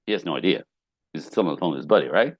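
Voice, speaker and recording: Animated low-voiced male relationship coach. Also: very fast, dry recording. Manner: animated storyteller who acts out quotes, casual swearing. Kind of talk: podcast interview guest.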